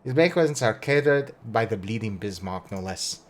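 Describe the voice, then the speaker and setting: A gruff, hearty tavern keeper with a thick, rolling brogue, as a man puts him on. He booms his lines with hammy flourish, like a rough old sea dog holding court over a game quest. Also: animated, normal speed, close to an everyday voice. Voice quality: thick put-on Glasgow-style brogue. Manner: reads game dialogue aloud with hammy flourish.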